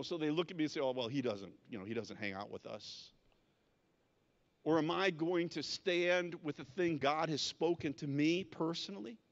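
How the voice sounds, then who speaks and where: A man's voice: high-pitched, fairly bright tone, in a large hall, highs cut off. A male pastor delivering a conversational sermon, often restarting and repeating words as he talks. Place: church sanctuary.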